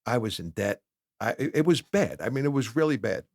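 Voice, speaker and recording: A man's voice: medium pitch, animated, fairly quick, a little mellow, no room sound, clean studio sound. A middle-aged man, a podcast guest, candidly telling his life story with lots of acted-out dialogue. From New Jersey. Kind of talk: personal storytelling in a podcast interview. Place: podcast studio.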